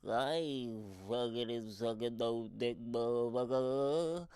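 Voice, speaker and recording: A man's voice: takes it slowly, darkish tone, clean tone, no echo, clean studio sound. A man voicing a disturbed woman who mutters the same words over and over to herself on a bus. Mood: muttering. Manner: low repetitive muttering.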